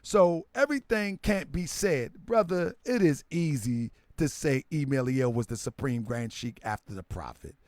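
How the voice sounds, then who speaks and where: A man giving a live-streamed lecture with an emphatic, preaching delivery that drops into quiet asides. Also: mid-range voice, expressive, normal speed, few pauses, dry recording.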